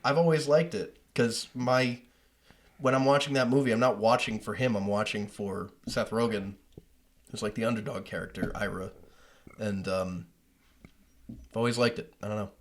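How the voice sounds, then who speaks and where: A man's voice: fairly low pitch, normal speed, long pauses. A young adult man co-hosting a casual podcast, rambling and swearing freely as he talks through movies. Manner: rambling, profane, animated retelling of movie scenes. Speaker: podcast co-host. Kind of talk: casual chat.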